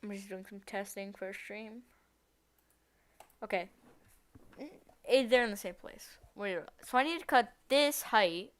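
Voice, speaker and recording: A woman's voice: mid-range voice, measured pace, long pauses, clear, resonant tone. Woman thinking aloud on a stream. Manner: thinking aloud, rambling and correcting herself. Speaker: live streamer. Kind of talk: casual live-stream talk while coding.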